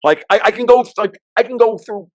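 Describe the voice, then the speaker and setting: High-voiced man ranting about markets. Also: dry recording. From United States. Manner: fast, ranting, profane, with sudden loud outbursts. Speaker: podcast guest. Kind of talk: heated political and market commentary.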